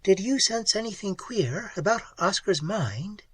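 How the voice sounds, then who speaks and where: A man reading the part of a spirited, excitable young woman explorer, with earnest, emotional delivery. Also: high-pitched, a little slow, slightly rough, no echo, pitched above the performer's own voice, heavily acted. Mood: thoughtful. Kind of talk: audiobook character reading.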